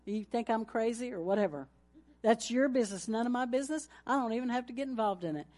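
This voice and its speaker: A woman's voice: a little high, fast talker, a little mellow. A woman pastor, preaching a folksy sermon with announcements and laughter, ending in a fervent prayer.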